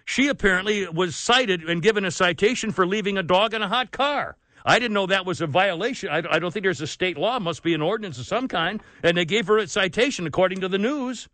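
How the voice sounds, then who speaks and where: Worked-up high-voiced male radio host. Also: expressive, brisk, sharp tone, no echo. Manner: exasperated, worked up, ranting. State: sweating, overheated. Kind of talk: opinionated talk radio rant.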